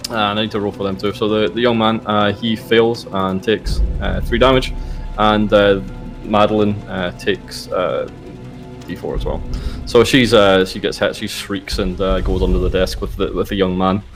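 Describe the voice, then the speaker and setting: A man narrating a tabletop horror game as game master, in a relaxed, hesitant way with many fillers. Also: lowish voice, normal speed, faint music behind, low-quality recording. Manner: relaxed, hesitant with frequent uhs.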